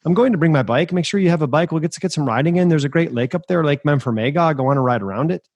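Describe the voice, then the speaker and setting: A man voicing a blunt older Irish male mentor with a brisk, raised voice. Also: a little high, darkish tone, no room sound, dull audio, pitched above the performer's own voice. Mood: friendly.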